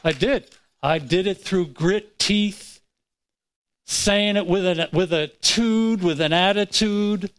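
A man preaching a sermon, telling a personal story in an animated way and acting out his own words. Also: sits high, takes it slowly, poor audio. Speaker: pastor.

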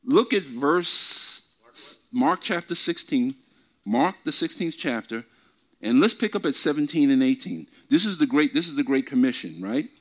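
A man teaching from the Bible before a group, often asking questions and repeating his words, reading scripture slowly with emphasis. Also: a little high, lively intonation. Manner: asks the congregation questions and repeats himself. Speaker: preacher. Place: church meeting before a group.

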